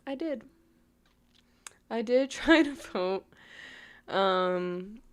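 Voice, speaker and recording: A young woman from New York vlogging casually, rambling with lots of "like" and frequent laughs. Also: medium pitch. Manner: rambling, full of "like", laughs often. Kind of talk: casual storytime chat.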